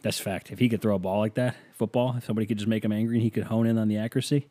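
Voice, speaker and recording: A man's voice: fairly low pitch, steady tone, rapid-fire, mellow, dry recording. A man hosting a podcast, rambling through a casual solo monologue with self-mocking jokes. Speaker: podcast host.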